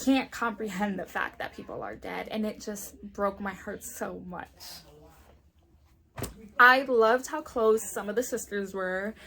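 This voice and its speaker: A woman's voice: mid-range voice, a bit bright. A young woman chatting casually in a book review vlog, often saying "like" and acting out the characters' lines. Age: young adult.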